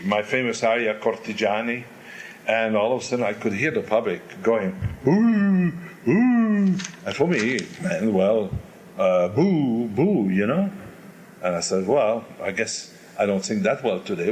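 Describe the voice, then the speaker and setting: Older man telling animated stories. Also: lowish voice, slight background noise. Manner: animated storyteller who imitates crowd noises. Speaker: opera singer telling stories. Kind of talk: candid interview anecdotes.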